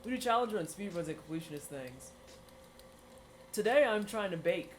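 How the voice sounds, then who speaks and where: Giggly woman streamer, lively voice. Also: fairly low pitch, normal speed, slight background noise. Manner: giggly, exclaiming, teasing chat. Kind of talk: casual livestream chat while baking.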